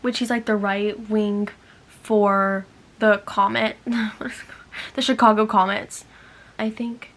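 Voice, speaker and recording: Young woman gushing about books, excited, says like a lot, fry-heavy. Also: medium pitch, a little slow. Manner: bubbly and excitable, full of "like". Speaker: book vlogger. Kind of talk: casual chat.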